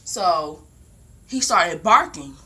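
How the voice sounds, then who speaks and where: A young woman casually telling a long story at home, rambling and animated, with lots of "like". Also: fairly low pitch, extremely slow, husky. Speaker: vlogger. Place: home, indoors.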